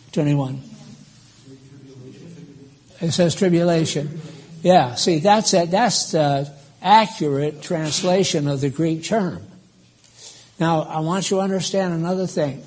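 A man's voice: fairly high pitch, darkish tone, slightly rough. A man, likely older, preaching a sermon to his congregation in a plainspoken, conversational way. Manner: slow, plainspoken, addresses congregation directly. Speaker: pastor. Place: church.

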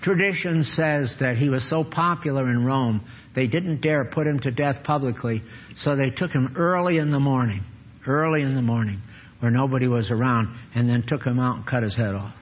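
An older man giving an informal, folksy sermon with chuckles and sudden animated bursts. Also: mid-range voice, moderate pace, slight background noise. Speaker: preacher. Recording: dull lo-fi recording.

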